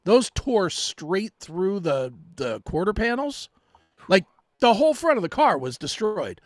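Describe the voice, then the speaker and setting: A man co-hosts a talk show, telling a story with a somewhat high voice and lots of swearing. He keeps it animated and pokes fun at himself. The recording is dry and close. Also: a little slow, no echo. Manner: animated, profane, self-mocking. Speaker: co-host. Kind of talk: casual storytelling chat.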